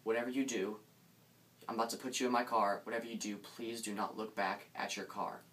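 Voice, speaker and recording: A man's voice: fairly low pitch, fairly even intonation, fairly quick, a bit bright, lightly acted. A man playing a stern, urgent cop. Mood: firm. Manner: firm, urgent. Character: calm, stern male police officer. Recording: distant mic, faint background noise.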